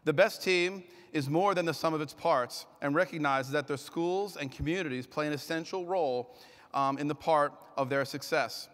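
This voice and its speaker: A man emceeing an award ceremony on stage, announcing loudly and energetically, with the occasional slip and self-correction, heard through an echoing arena sound system. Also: on the high side, normal speed.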